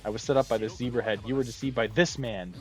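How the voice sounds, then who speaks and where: A smug, scheming company director who sneers at his rivals and fawns over his boss, as a man reading a game's lines puts him on. His voice sits at an ordinary middle pitch, only a little lower and quieter than the reader's own. The read is game dialogue, spoken aloud with a sly, insulting edge. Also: fairly even intonation, fast talker, soft background music, natural voice.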